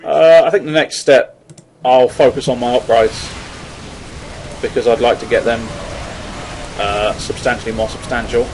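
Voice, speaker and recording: A man's voice: mid-range voice, fairly even intonation, moderate pace, long pauses, darkish tone, slight background noise, rough recording. A man giving casual, rambling commentary on a strategy game, swearing often and joking at his own expense. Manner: rambling, swearing, self-mocking. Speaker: gameplay commentator.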